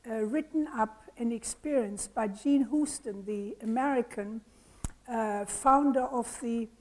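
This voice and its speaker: An older woman leading a retreat, giving a lecture in a measured way with pauses and fillers. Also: on the high side, darkish tone, rough recording. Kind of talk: lecture with a story read aloud.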